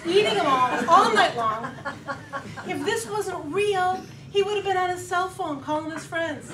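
High-voiced woman telling a funny story. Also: measured pace, over a noisy crowd. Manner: lively, animated storytelling with laughing asides. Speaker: contest speaker. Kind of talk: humorous storytelling speech. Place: meeting hall with audience. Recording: echoey hall, distant mic, background noise.

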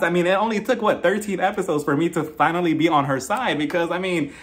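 A man's voice: high voice, quick pace. A young man giving a casual, gossipy commentary on a reality show, often breaking into laughter. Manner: animated, gossipy, laughing often, acts out quotes. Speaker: reality TV reviewer.

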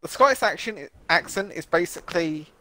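A man with a lively, fairly high voice joking around on a game stream. He drifts into odd musing asides and plans out loud. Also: normal speed, soft background music. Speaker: charity stream gamer. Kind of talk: casual gaming chat.

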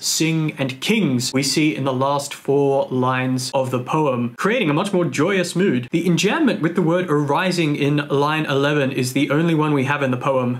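A man with an Australian accent narrating a scripted poetry lesson in a dry, lightly joking manner. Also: fairly high pitch. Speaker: English tutor explaining poetry.

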